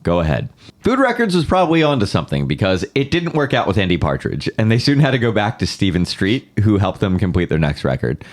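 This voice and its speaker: Lively low-voiced male podcast host. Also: fast talker, few pauses. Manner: storytelling band history with jokey asides. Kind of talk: casual music podcast chat.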